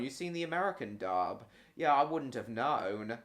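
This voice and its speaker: A man's voice: mid-range voice, very animated, normal speed, fairly bright tone. Rambling man hosting a stream. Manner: rambling, distracted, with restarts. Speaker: live stream host. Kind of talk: casual live stream chat.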